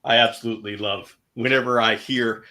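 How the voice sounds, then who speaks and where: Male host, mid-pitched voice, stop-start delivery full of pauses. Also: steady tone, pushed and bright. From California. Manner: halting, lots of hesitations and restarts. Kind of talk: casual video chat.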